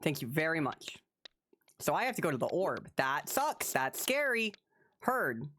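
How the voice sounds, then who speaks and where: A woman live-streaming gameplay, commenting as she plays, swearing and yelling at the game, then talking herself back to calm. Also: deep voice, unhurried. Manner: animated, swears, yells at the game.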